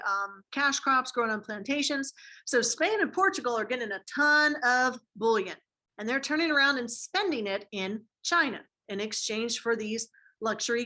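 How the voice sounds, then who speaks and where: A woman's voice: fairly high pitch, bright, forceful tone. A woman teaching a history class in a casual, slangy way, asking students questions as she goes. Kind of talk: classroom lecture.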